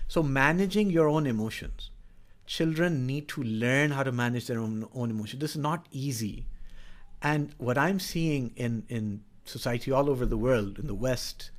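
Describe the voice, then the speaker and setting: A middle-aged man explaining child development in an earnest, instructive way, sometimes acting out what a parent or child would say. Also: mid-range voice. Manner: earnest, acts out parent-child dialogue in quoted voices. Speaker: educator speaking on child development. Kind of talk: explanatory talk.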